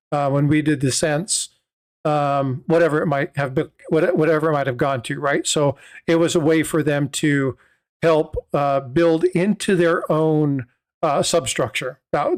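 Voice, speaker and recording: A man with a fairly high speaking voice hosts a casual livestream. He explains at length in loose, rambling sentences full of filler sounds and restarts. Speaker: host of a coin livestream.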